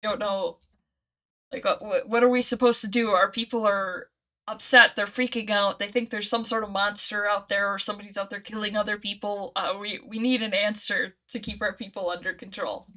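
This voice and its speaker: A shaken goblin woman, voiced by a woman in a tabletop game, recounting trouble with worry in her words. The voice is bright and only a little raised. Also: medium pitch, steady tone, normal speed, natural voice. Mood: worried. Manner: worried, pleading. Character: shaken young female goblin spokesperson.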